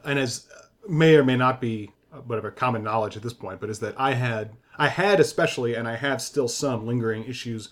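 A man in his middle years co-hosts a podcast about game design. He thinks aloud, circling back and rephrasing mid-sentence. His pitch sits at an ordinary middle for a man. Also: a little fast. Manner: thinking aloud, frequent restarts and self-corrections. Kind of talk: casual design discussion.

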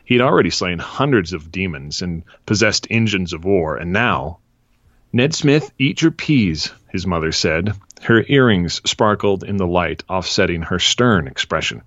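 A man hosting a podcast, chatting and reading a story excerpt aloud in a steady, measured way. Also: low-pitched, no echo, muffled recording. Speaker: podcast host. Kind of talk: casual chat and reading aloud.

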